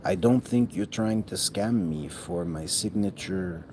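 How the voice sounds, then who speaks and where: A man's voice: deep voice, a little slow, a little mellow. A man talking in a rambling, profane monologue that often trails off mid-thought. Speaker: vlogger. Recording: noticeable background noise.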